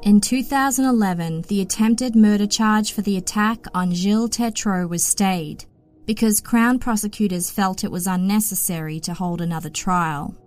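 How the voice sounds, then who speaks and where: A woman hosting a podcast, narrating a true-crime story in an even, matter-of-fact way. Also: medium pitch, moderate pace, faint music behind. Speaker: podcast host.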